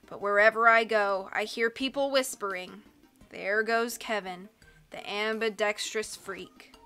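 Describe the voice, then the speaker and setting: A woman voicing a gloomy, self-pitying carnival performer man who speaks slowly and sighs. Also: mid-range voice, fairly even intonation, pushed and bright, clean tone, soft background music. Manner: slow, sighing, mournful.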